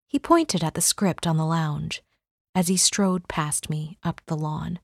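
A woman narrating a novel as an audiobook reader, in measured, unhurried storytelling. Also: low voice, steady tone, creaky, husky, no echo, clean studio sound. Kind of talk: scripted narration.

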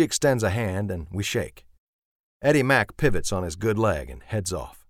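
Male first-person narrator, understated and measured, low voice with animated inflection, dead-dry studio sound. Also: no echo. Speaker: audiobook narrator.

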